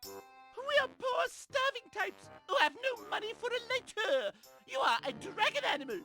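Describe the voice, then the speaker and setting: A woman's voice: very high voice, big pitch swings, normal speed, bright, forceful tone, faint music behind, heavily acted. A woman voicing an indignant, starving townsperson in a cartoon adventure game, speaking with an exaggerated mock French accent.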